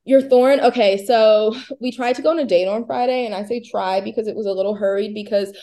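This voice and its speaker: Fast-talking woman spinning a story. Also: a little high. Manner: rambling storyteller, animated quoting. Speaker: co-host. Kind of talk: casual chat.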